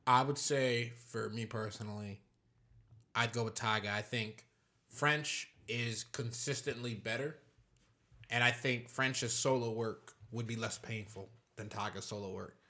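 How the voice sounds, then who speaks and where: A man with a middle-pitched voice joins a casual podcast chat. He talks in a laid-back way, thinking his choices through out loud. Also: steady tone, a little slow.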